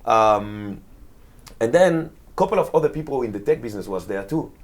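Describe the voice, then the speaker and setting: A man's voice: mid-range voice, expressive, normal speed. A young man, a DJ, telling stories in a casual chat, acting out quotes and laughing often. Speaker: DJ guest.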